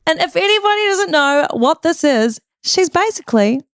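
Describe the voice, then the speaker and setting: Woman co-host, high bright voice, playful interjections. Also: lively intonation, moderate pace, dry recording, clean studio sound. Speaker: podcast co-host. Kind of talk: casual chat. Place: hotel room.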